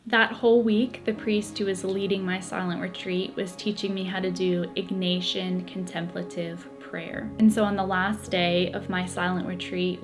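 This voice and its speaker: A woman sharing a heartfelt personal testimony in an earnest, emotional way. She repeats phrases as the story builds. Soft music plays faintly behind her. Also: lowish voice. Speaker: Catholic convert telling her story.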